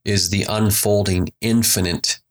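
A man giving a relaxed, conversational motivational talk on mindfulness, slowing down to lead breathing. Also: on the low side. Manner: relaxed, conversational, slows for emphasis. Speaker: spiritual teacher. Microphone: desk microphone.

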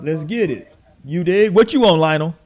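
Animated male podcast host, slightly high voice. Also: moderate pace. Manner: animated, profane storytelling with mimicked voices. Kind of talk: casual podcast chat.

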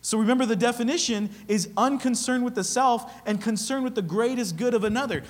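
A man's voice: very high-pitched, brisk, long reverb tail. A man preaching a sermon as pastor, emphatic, often repeating phrases and asking "okay?".

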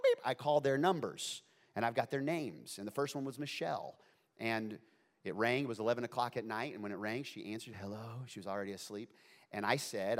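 A man in his forties, a preacher telling a humorous story in an animated, playful way with many asides. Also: medium pitch. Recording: long hall reverb.

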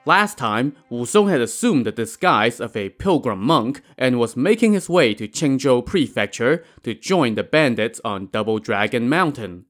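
A man narrating a classic story on his podcast, with a wry and conversational touch. His voice sits at an ordinary middle pitch, and his delivery is scripted yet relaxed. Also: normal speed, hardly any pauses, faint music behind.

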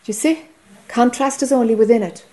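A woman with an Irish accent and a warm, rather high voice gives a brisk spiritual teaching talk to a group. She is earnest and often checks whether her listeners are following.

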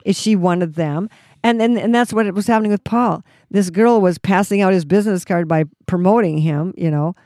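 A woman's voice: on the low side, darkish tone, no room sound, studio quality. A woman leading a ministry, giving a Christian teaching talk in a fervent, exhorting way with frequent restarts. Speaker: ministry leader and Bible teacher.

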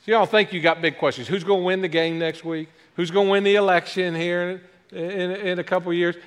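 A man delivers a sermon as a guest pastor, his voice pitched high. He preaches with animation and slips in self-mocking jokes. The sound rings with the long reverb of a church sanctuary. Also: brisk, smooth. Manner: self-deprecating joking asides, animated delivery.

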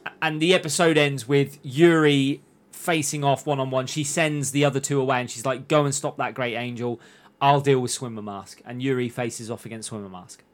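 A man talking at an average pitch and walking through a show's plot episode by episode. He slips into the characters' lines as he retells each scene. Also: steady tone, moderate pace. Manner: recaps plot in long runs, acting out lines. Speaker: podcast host recapping an anime. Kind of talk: casual chat.

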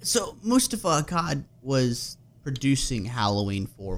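A man's voice: a little high, expressive, moderate pace. A man co-hosting a podcast in casual chat, laid-back and jokey. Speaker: podcast co-host.

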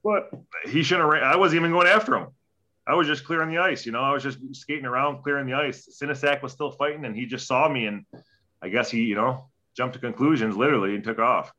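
A man's voice: medium pitch, fast, sharp tone, lo-fi sound. A young man, a former hockey player, telling a story in a casual interview, profane and rambling, acting out quoted dialogue.

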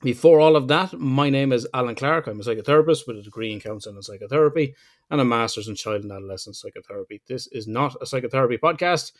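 A man's voice: mid-range voice, fast. Northern Irish man, podcast host, casual chat, teasing, swearing. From Northern Ireland.

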